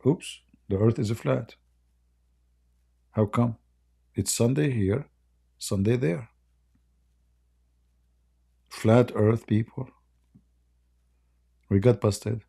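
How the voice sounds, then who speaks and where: A man's voice: mid-range voice, extremely slow, creaky, long pauses, mellow, husky. A man hosting a live debate stream in casual, mocking chat, rambling and laughing often, his voice worn and going. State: losing his voice.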